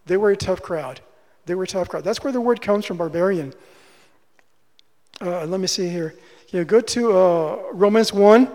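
A man's voice: high-pitched, darkish tone. A male preacher giving a sermon, teaching through rhetorical questions and repeating his key phrases. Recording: long hall reverb.

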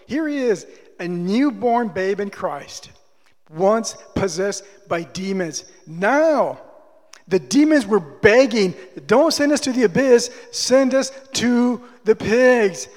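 A man delivers a sermon in a notably high voice. He is emphatic and keeps hammering his point with repeated rhetorical questions. His words trail off into the long reverb of a large hall. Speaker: preacher.

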